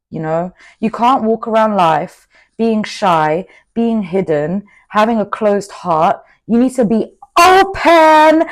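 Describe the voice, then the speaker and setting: An outspoken young woman talks straight to camera in a casual motivational monologue. Her pitch sits in a middle range for a woman. She is animated and keeps dropping in quick asides. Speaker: vlogger.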